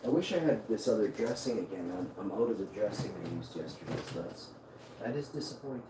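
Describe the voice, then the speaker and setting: A man's voice: on the low side, animated, fast talker, echoey room, background noise. A man hosting a casual livestream from his home kitchen, cooking while he rambles, jokes and cuts himself off mid-thought. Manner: joking, meandering, self-interrupting. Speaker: livestream host.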